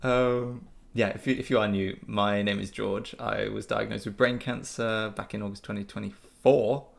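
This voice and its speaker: A man chats loosely through a live question-and-answer session, upbeat and easygoing. His voice sits fairly low with a gravelly edge, and he rambles, pausing on fillers and restarting sentences. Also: steady tone. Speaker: channel host answering viewer questions. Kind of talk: casual live Q&A chat.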